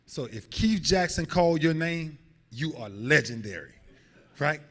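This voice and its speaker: A man in his forties holds the floor as a guest speaker, spinning stories in a lively, animated way. He acts out each quote, his pitch leaping high and dropping low as he goes. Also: unhurried. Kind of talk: lively storytelling. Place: hotel banquet hall.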